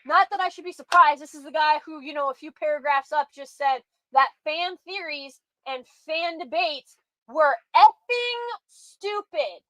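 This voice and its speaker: High-voiced woman ranting sarcastically. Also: a little slow, bright, forceful tone, no echo, low-quality recording. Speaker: commentary host. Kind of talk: reactive commentary.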